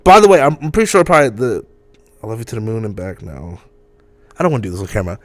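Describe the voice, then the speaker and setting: A man's voice: on the low side, lively intonation, very fast, dry recording. A young man co-hosting a podcast, chatting casually, swearing and laughing often. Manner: laid-back, swears freely, laughs often. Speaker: podcast co-host. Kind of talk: casual chat.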